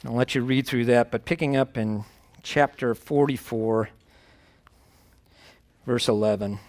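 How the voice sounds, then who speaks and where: A man's voice: medium pitch, fairly even intonation, a little slow, darkish tone. A man preaching, reading scripture aloud and explaining it in a conversational way, with wry asides.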